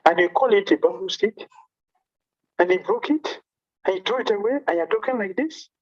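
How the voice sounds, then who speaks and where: A man's voice: high voice, moderate pace, lo-fi sound, pitched above the performer's own voice. A man voicing an indignant, stern divine master who scolds with incredulous rising questions.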